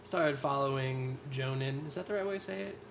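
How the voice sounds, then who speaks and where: A man co-hosting a podcast in casual chat, animated, laughing often and swearing casually. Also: mid-range voice, fairly quick, vocal fry, noisy background. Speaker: podcast co-host.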